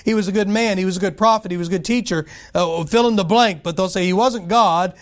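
A man preaching a sermon, emphatic, asking and answering his own questions and slowing down to stress scripture phrases. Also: high-pitched. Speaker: pastor.

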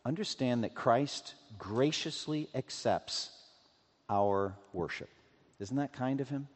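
A man's voice: mid-range voice, animated, slow. Earnest preacher man in a reverberant church. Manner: earnest, swells loud on scripture then drops to hushed appeals. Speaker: pastor. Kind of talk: sermon. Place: church sanctuary.

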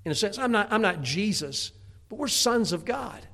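Gravelly, folksy man preaching. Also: sits high, animated, moderate pace, pushed and bright. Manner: folksy, repetitive, stammering restarts. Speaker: pastor. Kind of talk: sermon.

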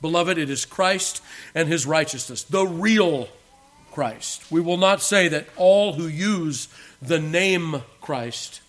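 Man preaching an emphatic sermon. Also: on the high side. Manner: emphatic preaching, swings from loud to hushed. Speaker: pastor.

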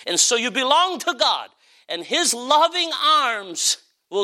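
A man preaching a sermon as pastor, passionate, swelling to high cries and then dropping low. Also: big pitch swings, takes it slowly, pushed and bright.

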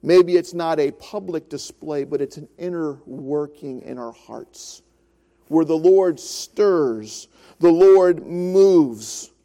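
Earnest preacher, man in his fifties, high-pitched and warm, builds up then goes soft. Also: slow. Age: 50s. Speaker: pastor. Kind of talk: sermon.

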